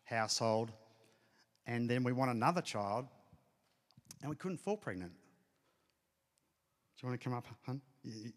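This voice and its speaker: A man's voice: medium pitch, lively intonation, measured pace, long pauses. A middle-aged man telling an earnest personal testimony as a pastor speaking to a congregation. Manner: earnest storytelling, emotional, addresses congregation. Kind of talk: sermon testimony. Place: church hall. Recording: hall reverb.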